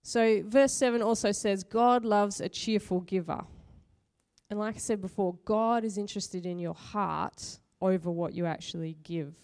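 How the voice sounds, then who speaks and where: A woman's voice: medium pitch, fairly even intonation, normal speed, hardly any pauses, darkish tone, clear, resonant tone. A middle-aged woman preaching a conversational sermon full of personal stories. She chats, laughs often and pokes fun at herself. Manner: chatty, laughs often, self-mocking.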